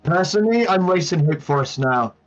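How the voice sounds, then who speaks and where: A laid-back man joins a live stream chat, laughing easily and throwing in plenty of "mate". His voice is a bit higher than most men's and comes through a slightly muffled, lo-fi mic, with faint music behind. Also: lively intonation, a little fast.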